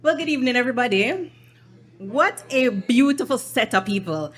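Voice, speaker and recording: A woman with a Jamaican accent telling a story live to an audience, deliberate and engaging the crowd. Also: fairly high pitch, animated, slight background noise. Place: live event venue with audience.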